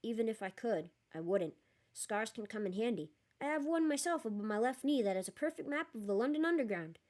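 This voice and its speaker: A woman doing Dumbledore, a calm old wizard. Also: on the high side, close to an everyday voice. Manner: calm, measured and dryly humorous. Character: old male wizard headmaster, calm and wry.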